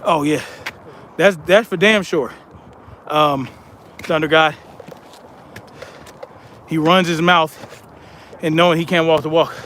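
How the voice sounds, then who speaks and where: A man's voice: fairly high pitch, fairly even intonation, a bit bright, a little hiss or hum. A man hosting a live stream, chatting casually and reading out viewer comments in a blunt, conversational way. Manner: blunt, conversational, drawn-out emphasis.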